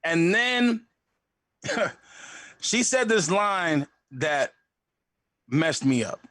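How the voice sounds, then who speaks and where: A young adult man telling a comic story in a live storytelling show, animated and acting out other voices. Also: high-pitched, drawn-out words, no room sound. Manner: animated, acts out voices in a loud hype.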